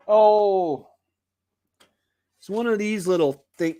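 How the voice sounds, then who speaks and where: A man with a fairly high voice chats on a casual live stream, his pitch bouncing all over. He talks at an unhurried pace, rambling as he greets viewers by name. The sound is dry and close. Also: very animated, dark tone, dry recording.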